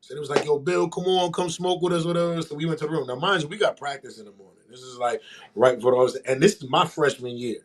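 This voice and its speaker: A man's voice: fast talker, background noise. A man co-hosting a podcast, telling a story in casual chat and acting out the people in it. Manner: animated, acts out quoted voices with big pitch jumps. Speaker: podcast co-host.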